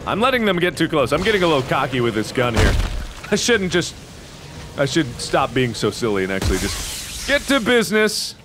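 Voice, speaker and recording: A young man in his twenties doing loud, excitable gaming commentary, swearing and yelling at enemies. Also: a little high, fairly quick, background noise. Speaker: let's play host.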